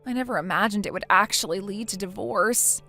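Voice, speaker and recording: A woman's voice: mid-range voice, fairly quick, sharp tone, faint music behind. A woman voicing a whiny, self-pitying wife. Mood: defensive. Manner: whiny, defensive. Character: self-pitying young wife who cheated. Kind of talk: text story narration.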